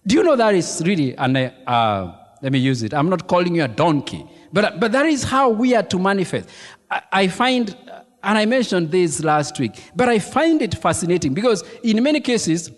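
Lively preacher in a big echoing hall. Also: male voice, high voice, normal speed. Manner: animated preaching with emphatic repetition and congregation questions. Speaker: pastor. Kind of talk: sermon. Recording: long reverb of a large hall.

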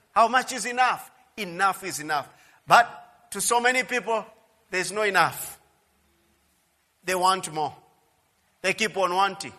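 A male pastor preaching a sermon emphatically, swinging from quiet asides to loud, repeated declarations. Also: sits high, in a large hall.

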